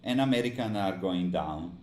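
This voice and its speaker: Very deep-voiced tired man commentating markets. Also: animated, normal speed, a little mellow. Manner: frustrated, complaining. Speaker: live trading streamer. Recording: echoey room, faint noise.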